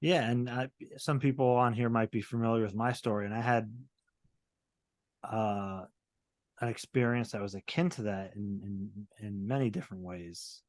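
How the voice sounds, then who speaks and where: A man's voice: lowish voice, normal speed, no echo, clean studio sound. A man hosting a podcast interview, speaking in a hesitant way with many fillers. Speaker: podcast host. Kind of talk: casual interview talk.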